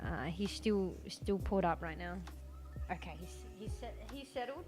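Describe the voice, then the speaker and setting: A woman's voice: fairly low pitch, moderate pace, over music. A woman streaming from a room at home, chatting casually and rambling with lots of fillers. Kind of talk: casual chat.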